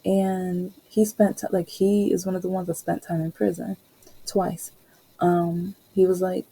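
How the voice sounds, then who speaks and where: Husky, dark-voiced woman telling a story. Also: lowish voice, flat delivery, unhurried, poor audio. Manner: chatty, rambling, laughs often. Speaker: podcast host. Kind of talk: casual storytelling.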